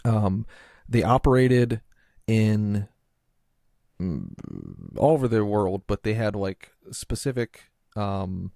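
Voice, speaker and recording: A man's voice: on the low side, very animated, slow, vocal fry, warm tone, dry recording, studio quality. A man hosting a podcast in casual chat, rambling and restarting with lots of filler words. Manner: rambling, heavy use of filler "like", trailing restarts. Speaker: podcast host.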